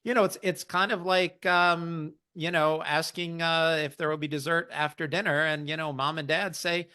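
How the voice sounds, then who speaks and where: A man's voice: a little high, fairly even intonation, normal speed, bright, forceful tone, clear, resonant tone. A man hosting an investing podcast, explaining market news in a casual, wry way. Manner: explanatory, wry, quotes others in mock voices.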